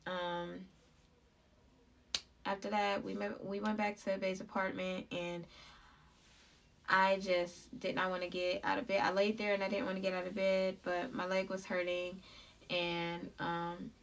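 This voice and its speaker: A young woman vlogger telling a personal story in a halting, heartfelt way, full of fillers. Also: medium pitch, level tone, gravelly, far from the mic, slight background noise.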